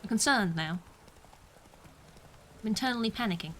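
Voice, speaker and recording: A woman's voice: on the high side, expressive, a little slow, sharp tone, slight background noise. A young British woman streaming a game, chatting casually, mocking herself and laughing often. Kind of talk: casual gameplay commentary.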